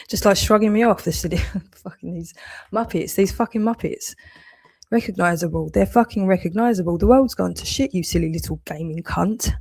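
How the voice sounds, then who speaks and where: A woman's voice: medium pitch, brisk, gravelly, slightly rough. A woman ranting furiously while reacting to a video, swearing and rambling. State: very angry. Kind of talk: angry reaction rant.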